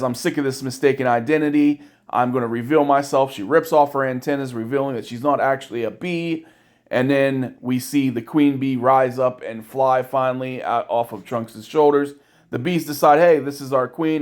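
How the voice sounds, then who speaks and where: A man's voice: medium pitch, steady tone, normal speed, a little mellow. Man casually recapping an anime episode. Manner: irreverent, jokey retelling with crude asides. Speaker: anime reviewer.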